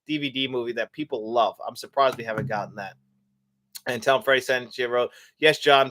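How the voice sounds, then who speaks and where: A young man hosts a live movie show, casually chatting and reading viewer comments aloud. His mid-range voice has a fairly bright tone, and he rambles with lots of fillers and restarts.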